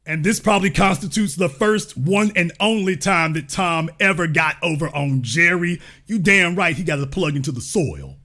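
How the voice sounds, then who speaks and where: A man's voice: fairly high pitch, animated, normal speed, hardly any pauses, sharp tone, faint music behind. A man hosting a livestream, giving emphatic, preachy commentary with lots of rhetorical questions. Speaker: livestream show host.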